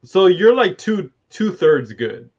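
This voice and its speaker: A man's voice: sits high, big pitch swings, slow pace, a little mellow. Easygoing man, muffled recording. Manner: easygoing, lots of filler "like", teasing jokes. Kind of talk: casual chat.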